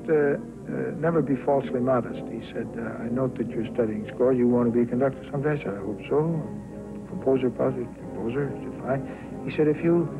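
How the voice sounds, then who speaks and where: An older man reminiscing in an archival interview, chatty with many fillers and acting out quotes. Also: medium pitch. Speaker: former band musician interviewee. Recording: tinny archival recording with music behind.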